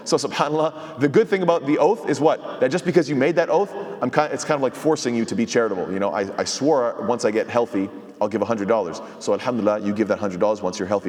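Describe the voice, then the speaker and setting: A man's voice: medium pitch, darkish tone, in a large hall. A man, an imam, giving a sermon-style commentary on scripture, explaining step by step, quoting Arabic and asking rhetorical questions.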